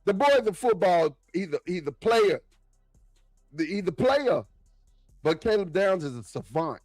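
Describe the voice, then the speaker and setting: Excitable, fast-talking football fan man. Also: sits high, no room sound, soft background music. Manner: excitable, animated, slangy, repeats himself. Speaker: football podcast guest. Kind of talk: casual sports talk.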